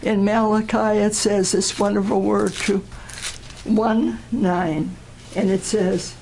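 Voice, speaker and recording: An older woman giving a personal testimony at a church gathering, telling her story in an earnest, deliberate way. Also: mid-range voice, flat delivery, vocal fry, darkish tone, slight background noise, poor audio.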